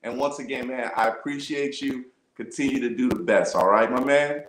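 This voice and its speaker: A male host wrapping up an interview in an excited, slangy, effusive way. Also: medium pitch, normal speed, roomy sound. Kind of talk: casual interview sign-off.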